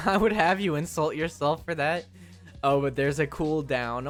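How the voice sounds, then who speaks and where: A man's voice: fairly high pitch, a little slow. Rambling, joking male streamer. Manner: rambling, joking, many fillers and restarts. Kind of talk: casual live-stream chat. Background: faint music.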